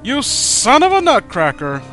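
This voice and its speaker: A man voicing a smug, blunt teenage girl sorceress from a fan story, with loud, exaggerated exclamations. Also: fairly high pitch, sing-song, measured pace, soft background music, exaggerated voice. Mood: exclaiming.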